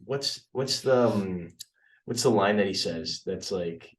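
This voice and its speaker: A man's voice: lowish voice, expressive, slow pace, far from the mic. A young man co-hosting a podcast, debating a movie in a rambling, blunt, profane way with lots of restarts. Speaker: podcast co-host.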